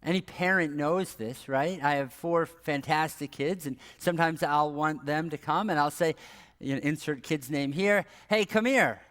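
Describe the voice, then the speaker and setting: A man's voice: on the high side, normal speed. A middle-aged man giving a devotional talk as a pastor, earnest and conversational, often dropping to a near whisper. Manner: soft-spoken, dropping to near whisper for scripture; earnest, conversational, rises when animated. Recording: long hall reverb.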